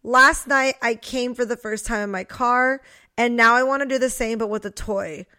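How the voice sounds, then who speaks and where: Woman podcast co-host, slightly high voice, candid casual chat. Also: fairly even intonation, normal speed, pushed and bright. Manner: candid, chatty, reads a listener's message aloud.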